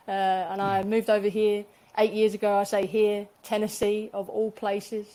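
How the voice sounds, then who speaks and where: A woman's voice: medium pitch, little pitch movement, warm tone. Casting: English woman, North London accent, podcast guest, cheeky and laughing. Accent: English, North London area. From England. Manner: laughing, self-deprecating, quick. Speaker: guest, police dog decoy instructor. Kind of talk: casual podcast chat.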